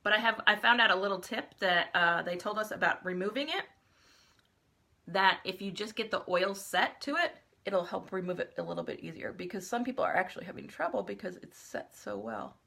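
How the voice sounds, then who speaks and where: A woman's voice: mid-range voice, animated, a little fast, gravelly, pushed and bright. A middle-aged woman chatting casually with her viewers during a live makeup tutorial, talking them through each step. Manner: chatty, talks to viewers while applying makeup. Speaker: makeup vlogger.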